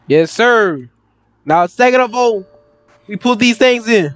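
High, lively young gaming guy. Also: slow pace, long pauses. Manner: excitable slangy chatter, jumpy yelps. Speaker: gaming YouTuber. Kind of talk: horror game let's play commentary.

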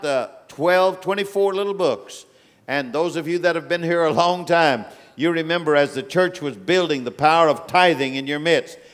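A man preaching a sermon as a guest speaker, swinging between loud, drawn-out declarations and quiet, low rebukes, in a large church auditorium. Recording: long reverb of a big hall.

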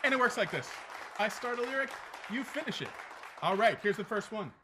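A man's voice: high voice, lively intonation, fairly quick, pushed and bright, some chatter behind. A man hosting a music trivia game show, reading song lyrics aloud and upbeat in confirming answers. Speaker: quizmaster host.

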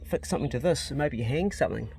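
A man's voice: medium pitch, fast, vocal fry, slight background noise. A New man, chatting casually and joking while building a garden in a glasshouse. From New Zealand. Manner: relaxed, joking, swears casually. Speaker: channel host.

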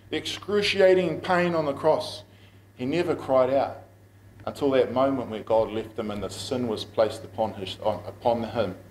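A man's voice: medium pitch, a little mellow, a little hiss or hum. A middle-aged man with a New Zealand accent preaching a sermon as pastor, telling stories in a conversational way and laughing at himself. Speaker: pastor and school principal. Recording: echoey room.

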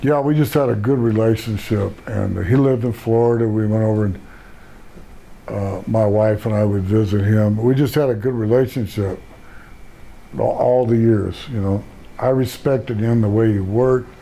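Gravelly older man telling wrestling stories. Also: lowish voice, fairly even intonation, moderate pace, warm tone, slight background noise. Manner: rambling storyteller, frequent restarts. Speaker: retired pro wrestler, guest. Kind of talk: casual career interview.

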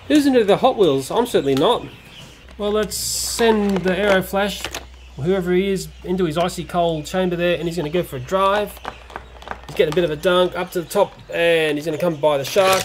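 A man's voice: high-pitched, background noise. A man casually reviewing a toy playset, chatty and given to exclamations like "oh dear.".

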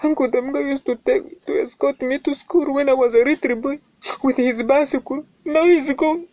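A man doing a high, wailing mourner. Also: fairly even intonation, normal speed, no room sound. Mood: grieving. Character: grieving man wailing over a lost uncle. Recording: loud music under the voice.

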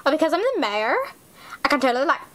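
A woman's voice: high-pitched, fast, a bit bright. A woman voicing a spoiled evil queen who is also the mayor, talking in bratty valley-girl slang in a parody sketch.

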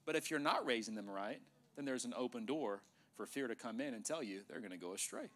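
A middle-aged male pastor preaching an emphatic sermon in a church, sometimes dropping to a hushed voice for effect. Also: medium pitch, animated, fairly quick. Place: church sanctuary.

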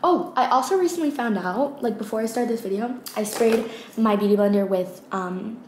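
A woman's voice: on the high side, normal speed, darkish tone. A young woman chatting casually through her makeup routine as a beauty vlogger, rambling with lots of fillers. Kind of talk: casual get-ready-with-me chat. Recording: echoey room with faint ambient noise.

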